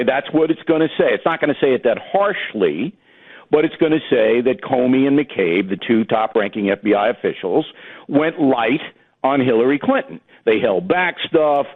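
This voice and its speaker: A man talking as a guest political commentator on talk radio, blunt and emphatic. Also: medium pitch. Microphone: phone. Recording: tinny phone line.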